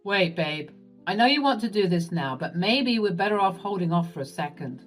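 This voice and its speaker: Woman doing a gentle young husband, soft and coaxing, voice goes up and down a lot. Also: medium pitch, lively intonation, moderate pace, faint music behind, lightly acted.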